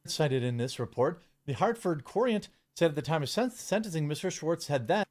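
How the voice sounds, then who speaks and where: A man reading a news article aloud for a video, halting and stumbling over words. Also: on the high side, expressive, a little mellow. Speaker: online commentator.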